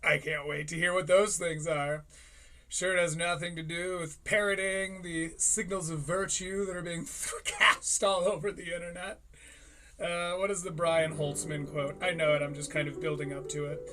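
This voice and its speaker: Bright high-voiced man riffing sarcastically. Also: little pitch movement, moderate pace. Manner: profane, sarcastic, laughs often, slips into mocking voices. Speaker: host of a live-streamed comedy commentary show. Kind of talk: casual rambling commentary.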